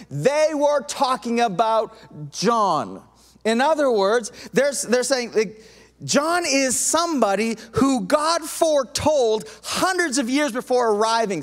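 A male pastor preaching a sermon, acting out quoted voices in an animated way. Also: extremely high pitch. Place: church auditorium. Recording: long hall reverb.

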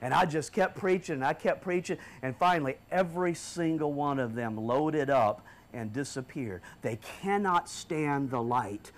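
A man preaching a fiery sermon, dropping to low murmurs and then rising to shouts. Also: animated, normal speed, hardly any pauses. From United States.

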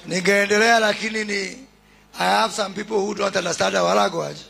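A man with a Kenyan accent giving a deliberate, oratorical public speech as a government minister at a launch event, calling out greetings to the crowd. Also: high voice, fairly even intonation, creaky, sharp tone, slight background noise.

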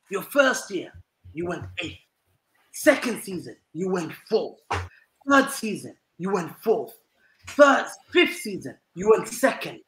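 Man, football panel, bright punchy voice, teasing banter, roomy echo on the mic. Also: sits high. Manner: animated, teasing, laughing often. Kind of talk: loud banter-filled casual chat.

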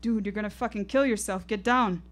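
A woman's voice: mid-range voice, brisk, soft background music, close to an everyday voice. A woman performing a nervous young man who begs his drunk friend to stop, in a live storytelling piece. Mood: urgent, anxious. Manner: anxious, pleading, cursing under breath.

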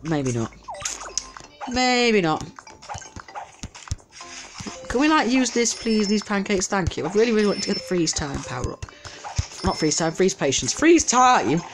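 A man's voice: sits high, lively intonation, a little fast, faint music behind. A man giving casual let's-play commentary, chatty and easily distracted, talking back at the game's customers. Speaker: gameplay commentator.

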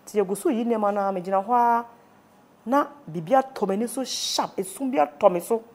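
This interviewee, a woman with a Ghanaian accent, talks quickly in a higher-than-average voice with a darkish tone. Her account is an emotional testimony of a painful personal story, told in both Twi and English.

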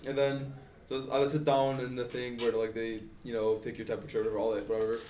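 A man's voice: medium pitch, monotone, quick pace, darkish tone, a little hiss or hum. Rambling man telling a story. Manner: rambling, heavy on "like" and "um". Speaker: podcast co-host. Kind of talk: casual storytelling. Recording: roomy, distant mic.

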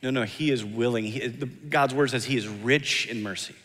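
A man's voice: medium pitch, moderate pace, fairly bright tone. A man preaching a sermon as pastor, earnest and emphatic, often repeating key lines and acting out quoted voices. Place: church sanctuary. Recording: long hall reverb.

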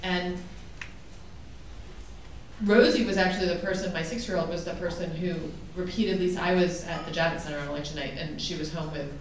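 A woman in her forties on a panel, telling a story in a chatty, animated way and laughing often. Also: fairly low pitch, a little fast. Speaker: panelist, author. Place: large event hall before a live audience. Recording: echoey hall, distant mic, audience noise. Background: crowd laughter.

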